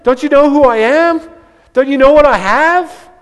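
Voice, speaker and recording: A man's voice: very animated, takes it slowly, big-room sound, heavily acted. A man voicing a loving father who begs his grown son to come inside. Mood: incredulous. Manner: high, loud, imploring.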